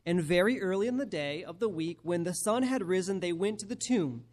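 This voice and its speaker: A male preacher giving a sermon and reading scripture aloud, emphatic and slowing down to stress key phrases. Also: high-pitched, animated, darkish tone.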